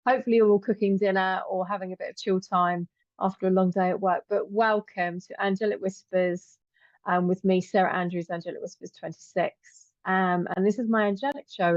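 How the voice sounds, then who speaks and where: A woman's voice: medium pitch, no echo, highs cut off. A middle-aged woman hosting a live stream, chatting affectionately as she greets viewers and calls them "my lovely". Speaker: host and angel teacher.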